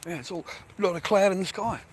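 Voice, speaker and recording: A man's voice: sits high, fairly quick, noisy background. An Australian man ranting to camera in a mocking, sarcastic way, swearing freely as he talks. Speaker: vlogger.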